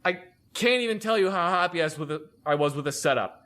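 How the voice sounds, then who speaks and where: Army vet guy telling stories, kinda high and sharp voice, swears a lot, deadpan. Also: fast talker. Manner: animated, profane, deadpan storyteller. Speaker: podcast guest, army veteran. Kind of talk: storytelling in casual chat.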